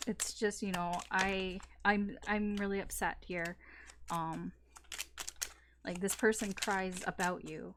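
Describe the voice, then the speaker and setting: A woman's voice: medium pitch, steady tone, measured pace, background noise. A woman giving a casual tarot reading, talking in a chatty, rambling way with many fillers and restarts and the odd swear word. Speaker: tarot reader.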